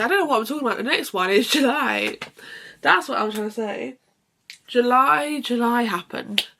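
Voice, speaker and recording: Chatty young woman vlogger, gravelly edge. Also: mid-range voice, fairly bright tone, slight background noise. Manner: rambling, many restarts and "like"s. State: sneezing, slightly emotional. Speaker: lifestyle vlogger. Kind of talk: casual chat to camera.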